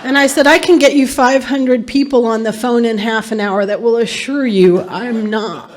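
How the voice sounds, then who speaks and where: A woman's voice: a little high, fairly even intonation, normal speed, some chatter behind. A middle-aged woman speaking at a recovery meeting, telling her story in an earnest, emphatic way. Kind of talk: personal testimony talk.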